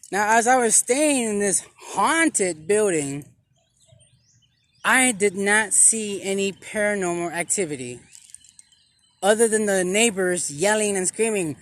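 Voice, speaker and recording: Slow, bright-voiced theatrical street preacher man. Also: sits high. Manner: theatrical, dramatic pauses, repeats phrases. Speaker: self-styled street preacher. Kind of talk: comic vlog sermon.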